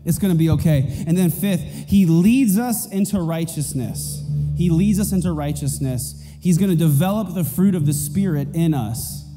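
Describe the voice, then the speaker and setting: A man's voice: fairly high pitch, normal speed, in a large hall, over music. A man preaching a sermon as pastor, emphatic and repeating his key points. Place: church auditorium.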